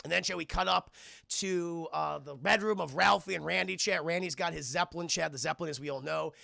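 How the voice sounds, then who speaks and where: A man's voice: a little high, a little fast, vocal fry, sharp tone, dry recording. A man streaming a casual, profane film recap, rambling and constantly addressing his chat.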